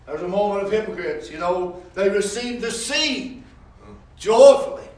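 A man, a pastor preaching and telling folksy testimony stories that rise into shouts. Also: high-pitched, expressive, measured pace, far from the mic. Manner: folksy storytelling, rising to shouts. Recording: echoey room heard from afar.

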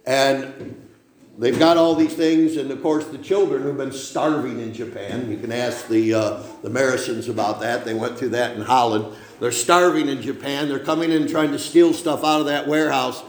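A man preaching a sermon, telling a war story with dramatic swings between loud lines and hushed ones. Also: mid-range voice, fairly even intonation, moderate pace, reverberant.

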